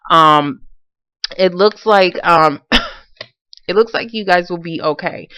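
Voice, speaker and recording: A woman's voice: lowish voice, no echo, highs cut off. A woman giving a casual tarot card reading, chatty and colloquial, with frequent fillers and laughter. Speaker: tarot reader.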